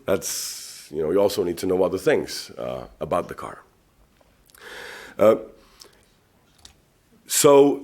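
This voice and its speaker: A man from the Czech Republic giving a conference talk, conversational, asking rhetorical questions and repeating words as he searches for them. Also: lowish voice. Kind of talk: public talk. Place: conference venue.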